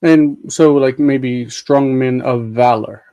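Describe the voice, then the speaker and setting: Mellow-voiced man teaching Hebrew grammar. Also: mid-range voice, steady tone, highs cut off. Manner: patient, teacherly, pronounces words slowly to explain grammar. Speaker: host leading a live Hebrew reading group. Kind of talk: live-streamed study discussion.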